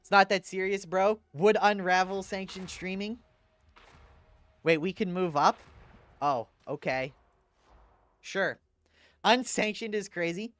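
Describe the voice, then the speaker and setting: A man's voice: high-pitched, slow pace, pauses often, fairly bright tone, dry recording. A man streaming a game, chatting casually with his viewers in a laid-back, profane, sarcastic way. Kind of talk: casual livestream chat while gaming.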